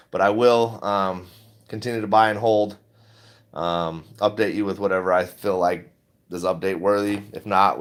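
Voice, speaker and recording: A middle-aged man with a fairly low voice talks loosely into the mic, wandering off on tangents. His delivery is casual and unhurried, broken up with easy laughs and filler words. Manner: rambling, laid-back, laughs often, slips into mimicry. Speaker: stock vlogger. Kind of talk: casual livestream chat.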